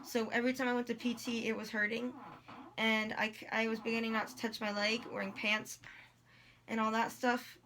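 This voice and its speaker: Chatty young woman with a bright voice. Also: on the high side, flat delivery, normal speed. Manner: rambling, lots of likes and ums, quotes people in dialogue. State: in pain while talking. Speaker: vlogger. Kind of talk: casual personal storytelling.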